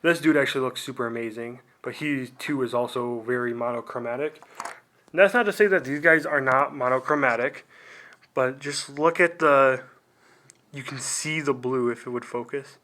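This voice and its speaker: A young man hosting a casual unboxing video in a middle-pitched, everyday voice. He rambles, fills gaps with "like", and makes fun of himself as he goes. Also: moderate pace, bright, forceful tone. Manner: rambling and self-deprecating, full of "like" and trailing asides. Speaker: video host.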